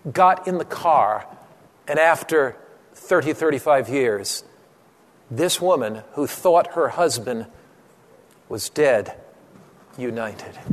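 A man preaching a sermon, telling a story with dramatic pauses and slowing on key phrases. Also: a little high. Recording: long hall reverb.

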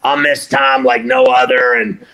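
A man's voice: mid-range voice, level tone, measured pace, bright, forceful tone, low-quality recording. A man chatting casually as a radio co-host, joking and boisterous, teasing his friend. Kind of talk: casual chat.

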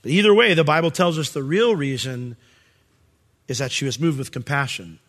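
A male pastor in middle age preaches in a somewhat high voice. Plenty of fillers and restarts mark his animated delivery, and he readily acts out voices.

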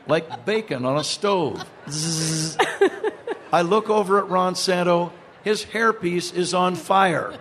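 Older man telling a funny story, high-voiced. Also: a little hiss or hum. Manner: amused, laughing through his tale. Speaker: guest. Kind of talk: storytelling anecdotes.

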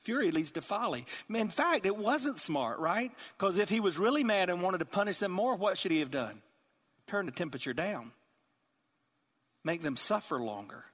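Male pastor, fairly high voice, lively storytelling sermon, big church reverb. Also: moderate pace. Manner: animated storytelling, acting out characters.

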